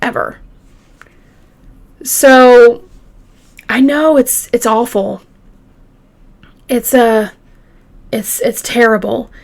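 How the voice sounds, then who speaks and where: Slow, emotional true crime storyteller woman. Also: on the high side. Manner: conversational, halting, with frequent fillers and restarts; openly emotional, lingering on grim details. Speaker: true crime podcast host.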